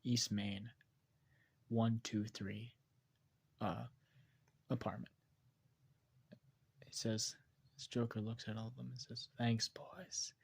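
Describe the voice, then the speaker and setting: A man improvising a dark story aloud, rambling and hesitant, often correcting himself. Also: fairly low pitch, flat delivery, slow pace, creaky, long pauses, a little hiss or hum.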